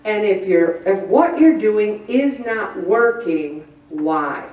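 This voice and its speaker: A woman leading a weight-loss group presentation, chatty and animated, acting out little voices. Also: mid-range voice, slow pace. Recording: roomy echo from far off the mic.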